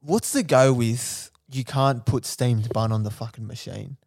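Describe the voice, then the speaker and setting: A man's voice: medium pitch, measured pace, vocal fry, darkish tone, no echo, clean studio sound. A young man on a casual podcast, chiming in with short remarks and questions. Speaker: podcast co-host.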